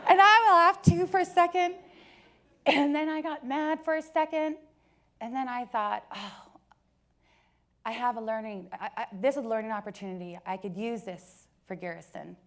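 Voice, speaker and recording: A woman in her forties giving a personal storytelling talk to an audience, joking at times and turning soft and earnest at others. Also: fairly high pitch, moderate pace, long pauses. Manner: warm joking storyteller, switches between laughs and soft earnest passages. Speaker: company speaker.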